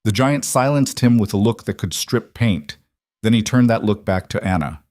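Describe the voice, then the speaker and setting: A man's voice: fairly low pitch, moderate pace, darkish tone, no room sound, studio quality. A man reading scripted narration of a tense story in a dramatic, suspenseful way.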